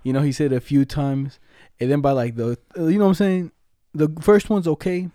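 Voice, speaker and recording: Mellow, laid-back young man telling stories. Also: on the high side, normal speed, no room sound, clean studio sound. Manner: laid-back slangy storytelling, frequent laughter. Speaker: podcast co-host. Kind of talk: casual storytelling chat.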